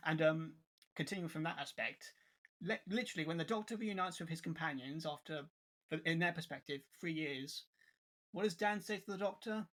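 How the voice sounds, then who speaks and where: A man's voice: a little high, moderate pace. Exasperated young man reviewing. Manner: animated, exasperated, many restarts and laughs. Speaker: co-host reviewer. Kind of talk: casual review chat.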